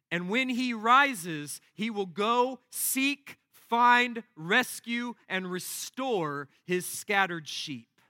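Bright, slow-paced male preacher. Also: sits high, no room sound, clean studio sound. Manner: emphatic, repetitive exhortation. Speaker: pastor. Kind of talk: sermon.

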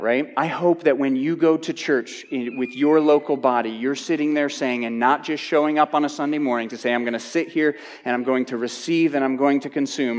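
Male Bible teacher with a higher-pitched voice, conversational sermon with frequent restarts, long hall reverb. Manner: conversational, repeats words when restarting. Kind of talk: expository sermon.

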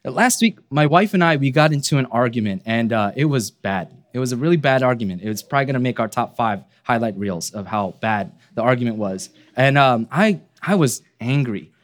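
A man preaching a sermon as pastor, earnest, posing rhetorical questions and dropping his voice low to land key points. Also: lively intonation, brisk, hardly any pauses.

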